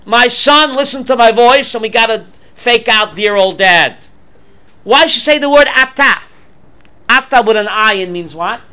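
A man teaching a Bible class, quizzing his students with questions in an animated way. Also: extremely high pitch, normal speed, clear, resonant tone. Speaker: Torah teacher.

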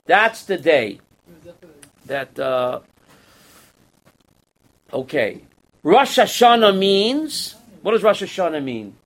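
A man's voice: high voice, very animated, takes it slowly, long pauses, a bit bright. A man giving a Torah class as a rabbi, quizzing his students and acting out parables.

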